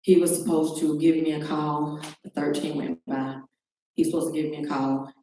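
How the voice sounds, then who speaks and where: Middle-aged woman guest, low dark voice, re-enacts the calls in her own story, recorded from afar in a reverberant room. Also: level tone, moderate pace. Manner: recounts events by acting out quoted phone calls. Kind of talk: personal testimony on a talk show. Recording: very echoey room, distant mic, faint noise.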